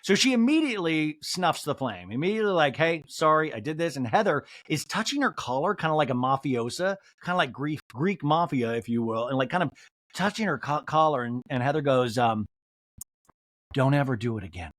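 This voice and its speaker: A man hosting a comedy podcast, recapping a reality show episode and acting out the cast members' lines in quick put-on voices. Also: a little high, lively intonation, a bit bright, no room sound. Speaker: podcast host.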